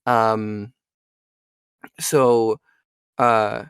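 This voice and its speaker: Guest slot: young male voice actor, animated and chatty, dry close recording. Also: on the low side, drawn-out words, clean tone, no room sound. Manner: animated, chatty, frequent fillers. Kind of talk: casual interview chat.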